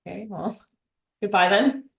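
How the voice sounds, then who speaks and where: A woman's voice: medium pitch, a little slow, creaky, a bit bright. A woman in her late twenties co-hosting a podcast, chatting casually and teasing her partner. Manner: chatty, teasing, self-deprecating. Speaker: podcast co-host. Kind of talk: casual chat. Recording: roomy echo.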